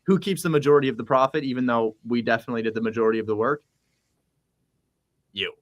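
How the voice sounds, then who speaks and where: A blunt, high-energy man talking through his method like a coach. His voice sits at an ordinary middle pitch and he swears freely in casual conversation. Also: quick pace, lo-fi sound. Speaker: real estate wholesaling coach. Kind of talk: casual chat, animated teaching.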